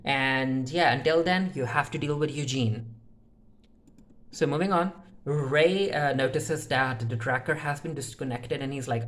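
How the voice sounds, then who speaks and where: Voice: medium pitch, moderate pace. Chatty TV recap reviewer, mid-height voice. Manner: retells scenes in the characters' voices with "he's like" and "she's like"; loose and unscripted, with frequent "uh" fillers and restarts. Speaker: TV episode reviewer. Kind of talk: casual spoken episode recap.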